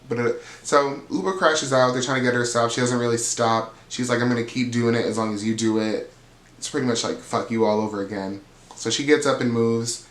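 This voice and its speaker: A man's voice: medium pitch, a bit bright, reverberant. A man hosting a reality TV recap, gossiping and swearing freely while acting out what others said. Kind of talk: casual recap monologue.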